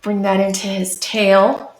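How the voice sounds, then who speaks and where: A woman with a medium-pitched, flat voice chats casually at a slow pace while drawing on a live stream, walking viewers through each step. She's a streamer and artist, and her talkative commentary comes through a low-quality recording in an echoey room.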